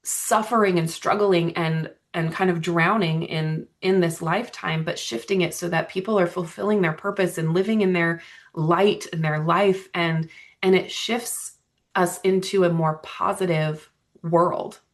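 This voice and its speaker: Woman podcast guest, slightly low voice, earnest and reflective, conversational. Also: fairly even intonation, unhurried. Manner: earnest, reflective, frequent "right?" and "um". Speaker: podcast guest, energy healer. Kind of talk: casual conversational interview.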